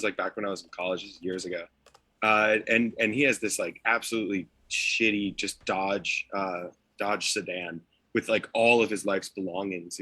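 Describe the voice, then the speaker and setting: Bright low-voiced man telling stories. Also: breathy edge, dry recording. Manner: filler-heavy storytelling. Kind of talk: casual chat, anecdote.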